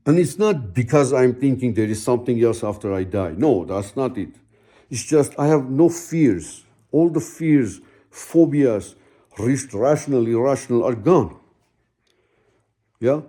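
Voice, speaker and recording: Slow, dark-voiced man recounting an experience. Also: mid-range voice, animated. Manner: halting, searching for words, many fillers. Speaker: guest telling his own story. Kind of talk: slow personal storytelling.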